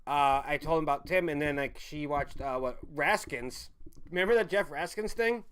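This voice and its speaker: A man's voice: on the high side, normal speed, fairly bright tone, clean tone. A man hosting a casual livestream, rambling as he answers viewer chat, swearing freely and laughing often. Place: home in a city.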